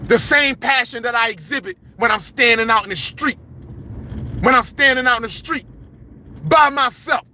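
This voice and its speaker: A man with a very high, bright, forceful voice hosting a livestream. He talks in a heated, confrontational rant, preaching at his viewers and often breaking into a yell. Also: moderate pace, a little hiss or hum. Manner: impassioned, yelling, confrontational, preachy. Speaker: livestream host.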